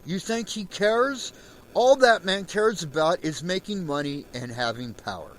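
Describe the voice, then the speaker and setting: A man hosting a solo show, delivering an angry, profane rant and raising his voice to a shout at times. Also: sits high, animated, unhurried, poor audio. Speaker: podcast host.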